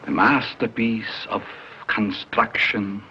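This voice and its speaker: A very deep, slow-spoken film man. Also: fairly even intonation, gravelly. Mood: grave. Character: grave man in a 1930s horror film. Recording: dull 1930s film soundtrack with faint hiss.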